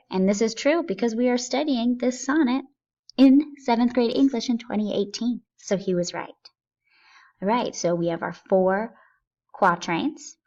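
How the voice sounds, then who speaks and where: A woman teacher giving a recorded lesson, explaining a poem step by step and reading lines of verse aloud slowly. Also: mid-range voice, lo-fi sound.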